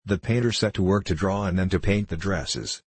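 A man narrating a classic novel as an audiobook, in a steady, even storytelling manner. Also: low voice, moderate pace, slightly rough, dry recording.

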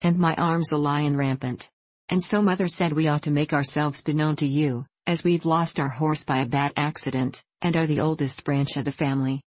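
A woman's voice: low-pitched, fairly even intonation, normal speed, darkish tone, dry recording. A woman reading the part of a shy young country girl who speaks hesitantly and stammers.

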